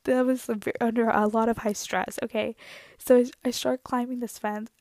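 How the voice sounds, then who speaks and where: A woman's voice: on the high side, flat delivery, normal speed, darkish tone, dry recording. A woman in her twenties telling a story to her viewers in a casual, dramatic, self-mocking way. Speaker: vlogger.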